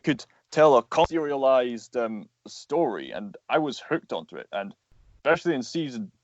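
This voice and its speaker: A man's voice: mid-range voice, sing-song, normal speed, no room sound, muffled recording. A man, a voice actor and animator, talking as a guest in a casual interview, explaining earnestly at length with plenty of fillers.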